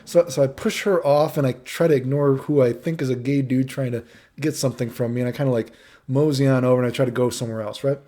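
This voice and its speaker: A man's voice: medium pitch, fairly even intonation, quick pace, warm tone. Casual profane storytelling guy. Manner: casual, profane, rambling with "right?" tags. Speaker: vlogger. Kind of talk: storytime monologue.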